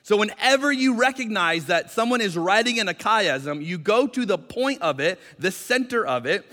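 A man's voice: high voice, expressive, moderate pace, sharp tone, long reverb tail. A male pastor preaching a sermon in a conversational, explanatory way with light jokes, speaking in a church sanctuary.

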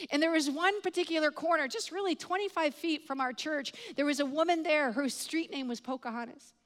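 A middle-aged woman preacher with a high-pitched voice speaks at a moderate pace. She tells a story within a sermon as an animated storyteller, acting out the dialogue of its characters, with long hall reverb on the recording.

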